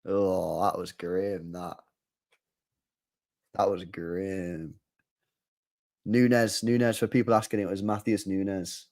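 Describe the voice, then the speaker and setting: Young guy streaming a football watchalong, gets loud and excitable, groans a lot. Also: low-pitched, slow, pauses often. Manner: excitable, shouting groans of disgust. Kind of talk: live football watchalong commentary.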